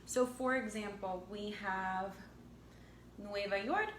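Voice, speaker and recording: A woman teaching an English lesson, speaking slowly and deliberately, repeating each word and translating it into Spanish. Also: medium pitch, a bit bright. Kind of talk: slow bilingual language lesson. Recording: echoey room with faint background noise.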